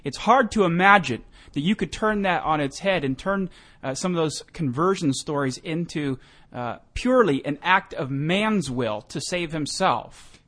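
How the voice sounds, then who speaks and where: A man hosting a theological radio show, reading texts aloud and interjecting with quick challenges. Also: a little high, lively intonation, fairly bright tone.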